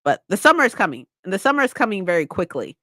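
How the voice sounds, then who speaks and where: A woman's voice: medium pitch, big pitch swings, very fast, pushed and bright, dry recording. A young woman from California chatting casually with viewers, swearing freely and laughing often. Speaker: streamer. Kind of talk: casual chat.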